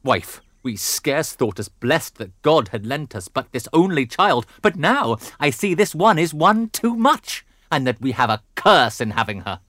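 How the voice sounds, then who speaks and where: A man playing a furious, domineering noble father in a classical drama, blustering between growls and shouts. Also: on the high side, sing-song, a little slow, hardly any pauses, no echo, studio quality. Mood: raging.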